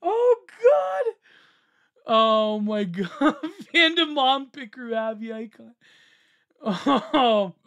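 An excitable man reads a social media thread aloud and reacts as he goes, with a bright, sharp voice. He drops to a mutter, then bursts into shouting, and laughs often between lines. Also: extremely high pitch, slow pace, clean tone. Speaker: online commentator.

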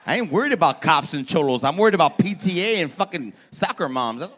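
Brash profane stand-up man with a lively voice. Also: a little high, fast, slight background noise. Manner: brash, profane, teasing the crowd. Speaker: stand-up comedian. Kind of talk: stand-up crowd work. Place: comedy club before a laughing audience.

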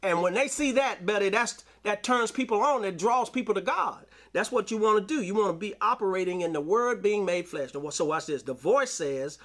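Male preacher, high voice, AAVE, sermon delivery with call-outs. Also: animated, fairly quick. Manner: preaching with call-outs and scripture reading, rising to shouts. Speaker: pastor.

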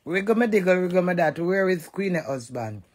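A woman's voice: fairly low pitch, expressive, brisk. A woman with a Jamaican accent, ranting and cussing defiantly in a monologue to camera. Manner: loud, cussing, defiant rant. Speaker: vlogger.

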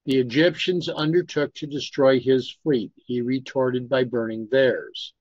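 A man's voice: medium pitch, a little slow, slightly rough, no room sound, dull audio. A man reading a history text aloud in a Bible study and stopping to remark on pronunciation. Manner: steady reading, stops to comment on pronunciation.

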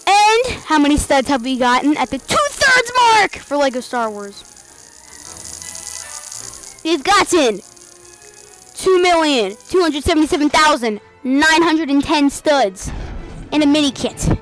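A woman hosting a let's play video, giving excitable, playful commentary over the game and mimicking the characters. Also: high voice, measured pace, long pauses, faint music behind. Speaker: gaming channel host.

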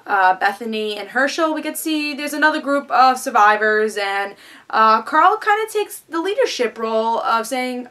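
A woman's voice: fairly high pitch, expressive, moderate pace, bright, forceful tone. A woman giving a casual, eager TV episode review, chatty and full of fillers. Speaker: TV show reviewer.

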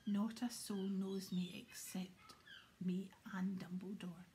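A woman voicing a big, gruff, proud male gamekeeper in a whispered role-play. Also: medium pitch, level tone, takes it slowly, mellow, a little hiss or hum, close to an everyday voice.

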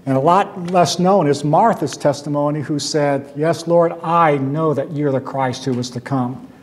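A man's voice: on the high side, a little mellow. A man teaching a Sunday school class, talking conversationally, asking rhetorical questions and quoting scripture with emphasis.

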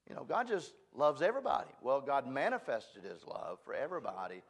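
A man's voice: medium pitch, wildly swooping pitch, brisk, creaky, slightly rough. A man preaching a sermon at a church, folksy and emphatic, joking at his own expense. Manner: folksy, emphatic, self-deprecating. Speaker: guest preacher.

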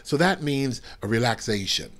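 A man leading a live prophetic prayer over a livestream, fervent and swinging from soft murmurs to loud exclamations. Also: mid-range voice, expressive, normal speed. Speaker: pastor. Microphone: livestream webcam.

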